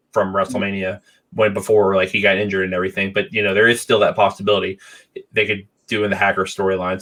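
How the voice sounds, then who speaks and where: Male podcast host, low voice with a sharp edge, casual and agreeable. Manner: relaxed, agreeable, many short backchannels. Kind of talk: casual chat.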